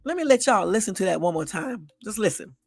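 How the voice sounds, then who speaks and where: A woman's voice: mid-range voice, animated, fairly quick, vocal fry, loud music behind the voice. A woman hosting a live stream, reacting bluntly and with exasperation to news clips, repeating herself and swearing casually. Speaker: channel host.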